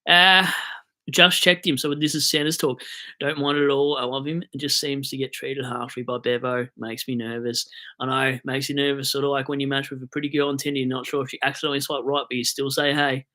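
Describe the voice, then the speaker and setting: A man's voice: mid-range voice, level tone, fairly quick, sharp tone. A young Australian man rambling and joking on a casual live stream about fantasy football, buzzing on coffee. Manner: rambling, jokey, hyped on coffee.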